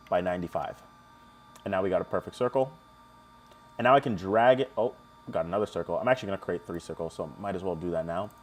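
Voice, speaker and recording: A young man hosting a live stream, his voice sitting a little low. He talks viewers through the steps in a loose, chatty way, cracking jokes and answering the chat as he goes. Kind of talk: casual live tutorial.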